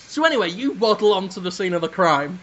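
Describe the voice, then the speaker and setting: A man's voice: high-pitched, expressive, fast talker, a bit bright, muffled recording, slight background noise. A man from the UK co-hosting a comedy podcast, rambling and meandering as he builds a silly bit. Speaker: podcast co-host. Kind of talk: casual comedy podcast chat.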